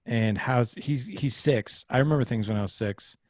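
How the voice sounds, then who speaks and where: A man's voice: medium pitch, moderate pace, no room sound, clean studio sound. A man in his thirties, a podcast guest, telling a personal story in casual conversation and acting out the voices of people in it.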